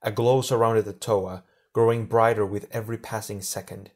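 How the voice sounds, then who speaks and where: A man narrating an audiobook chapter in a steady storytelling manner. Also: fairly low pitch, normal speed. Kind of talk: scripted narration.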